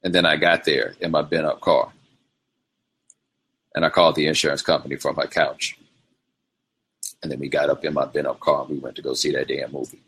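A man's voice: a bass voice, flat delivery, brisk, pauses often, a bit bright, breathy edge. A man hosting his own show, telling rambling stories in casual chat and slipping into quoted voices. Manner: rambling storytelling with quoted impressions. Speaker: show host. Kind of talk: casual livestream monologue.

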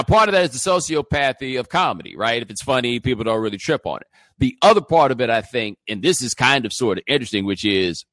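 A middle-aged man hosting a show, delivering an animated opinion monologue full of rhetorical questions. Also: medium pitch, dry recording. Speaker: host.

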